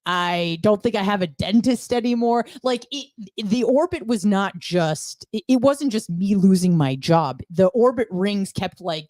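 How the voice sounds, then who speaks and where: A woman's voice: on the low side, a little mellow, no room sound. A woman guest on a podcast, telling her story bluntly with frequent swearing. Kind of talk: candid conversational storytelling.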